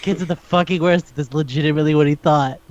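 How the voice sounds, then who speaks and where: A man's voice: fairly high pitch, steady tone, fast talker, a little mellow. A man co-hosting a casual podcast, ranting with exasperation and swearing as he talks through a manga. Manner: profane, exasperated ranting with acted-out quotes. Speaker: podcast co-host. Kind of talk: casual chat reviewing a manga. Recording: dull lo-fi audio.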